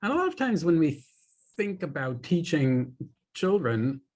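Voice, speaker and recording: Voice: medium pitch, big pitch swings, unhurried, darkish tone. A host asking a long, rambling question on a video call, thinking aloud along the way. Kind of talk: conversational interview questions.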